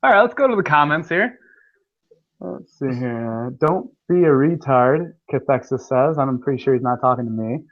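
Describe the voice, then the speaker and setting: A man's voice: medium pitch, expressive, normal speed. A man hosting a casual live-stream chat, rambling and swearing freely over a video call. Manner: profane, rambling. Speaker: host. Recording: dull lo-fi stream audio.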